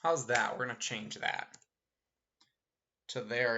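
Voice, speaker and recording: A man's voice: medium pitch, slow. A man casually commentating while streaming a visual novel, chatty and rambling with jokey complaints. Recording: slightly muffled stream audio with faint game music.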